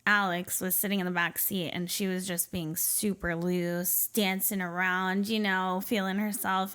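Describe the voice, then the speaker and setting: A woman's voice: medium pitch, pushed and bright. A woman from the Portland area, speaking as a podcast guest and telling her life story candidly, with many fillers and short nervous laughs. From Portland area, Oregon, USA. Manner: conversational, many fillers like "you know" and "um", light nervous laughs. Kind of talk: candid personal storytelling in an interview.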